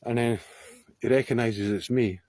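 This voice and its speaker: A man's voice: medium pitch, steady tone, normal speed, darkish tone, no echo. A Scottish man telling a story to camera outdoors on a hillside, rambling, swearing freely and often laughing. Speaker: vlogger.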